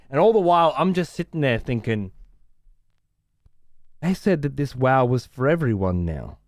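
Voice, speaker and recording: A man's voice: medium pitch, no echo, studio quality. A man ranting casually as a streamer, sarcastic, profane and exasperated.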